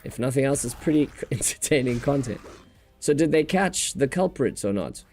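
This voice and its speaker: A man's voice: medium pitch, animated, moderate pace, a little mellow, faint music behind. A man with a New Zealand accent hosting a casual gaming livestream, rambling and joking as he talks and laughs often.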